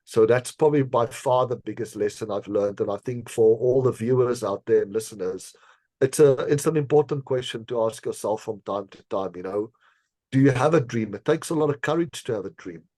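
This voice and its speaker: Earnest, measured man telling a story. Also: medium pitch, warm tone, dry recording. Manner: earnest, measured, with frequent fillers and small laughs. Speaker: podcast guest, decision scientist. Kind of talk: reflective storytelling in an interview.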